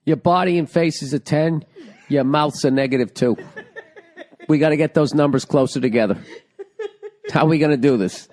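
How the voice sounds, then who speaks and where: A man's voice: a little high, moderate pace, pauses often, a little mellow. A man hosting a casual comedy podcast, joking crudely and reading out listener emails, with a sore throat. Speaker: podcast host.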